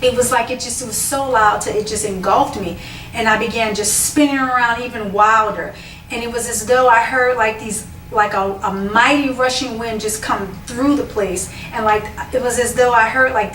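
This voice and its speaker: Woman telling her story, kinda high voice, echoey room, mic far off. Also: slight background noise. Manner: animated storytelling with excited quoted outbursts. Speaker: dance minister sharing a testimony. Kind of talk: personal testimony to camera.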